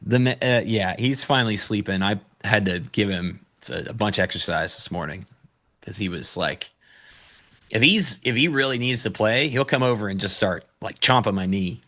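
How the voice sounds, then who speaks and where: A man's voice: fairly low pitch, expressive, moderate pace, fairly bright tone. A man on a live trading stream, chatting casually about his positions and greeting viewers with playful asides. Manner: playful, greets chat viewers, sings and does silly voices. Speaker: trader on a live stream panel.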